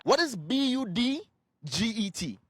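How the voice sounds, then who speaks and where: Playful high-voiced man quizzing strangers. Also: very animated, a little slow, fairly bright tone, husky, no echo. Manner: playful, teasing, sing-song questioning. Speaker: street interviewer. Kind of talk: street quiz interviews. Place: outdoors on a city street.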